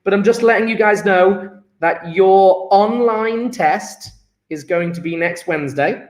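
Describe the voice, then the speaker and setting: A chemistry teacher takes an online register, chatting with his class in an upbeat, jokey way. His high-pitched voice is unhurried and sounds reverberant.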